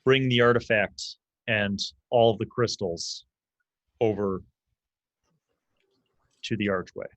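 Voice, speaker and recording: A man voicing a solemn male ritual leader who speaks in measured, formal warnings. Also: on the low side, a bit bright, no room sound, dull audio. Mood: grave.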